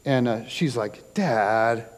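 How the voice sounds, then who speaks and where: A man's voice: on the high side, animated, moderate pace, darkish tone. A middle-aged man preaching a conversational sermon, casual and chatty with lots of fillers and wry jokes. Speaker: pastor. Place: church auditorium. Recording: long hall reverb from a church sanctuary.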